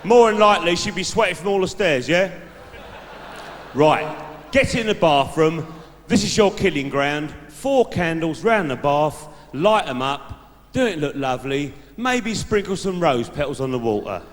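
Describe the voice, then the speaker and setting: Playing a brash, laddish bloke dispensing dating advice, a male stand-up comedian performs for a live audience on a big venue stage. His voice is a little high and animated, at a moderate pace. It's recorded through the stage mic in an echoey hall.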